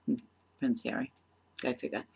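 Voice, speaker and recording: A woman doing a casual comedy vlog, self-deprecating and halting with frequent ums. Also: a bass voice, level tone, creaky, darkish tone, husky. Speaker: vlogger.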